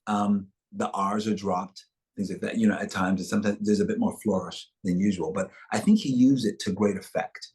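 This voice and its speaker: A man's voice: fairly low pitch, steady tone, fairly quick, a little mellow. A man speaking as an actor guest in a webchat interview over a video call, reflective and expansive in the way he tells things.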